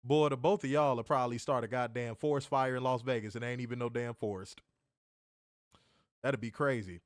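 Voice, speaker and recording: A man co-hosting a casual livestream, loud and joking. He swears freely, laughs often and swings from shouts down to mutters. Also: mid-range voice, fairly even intonation, fairly quick, no echo, clean studio sound. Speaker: livestream co-host.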